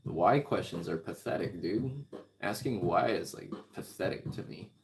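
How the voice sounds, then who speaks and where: A man's voice: sits low, animated, normal speed, creaky. A man talking in a casual, rambling monologue, riffing and swearing freely. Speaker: music vlogger. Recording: clicking background noise.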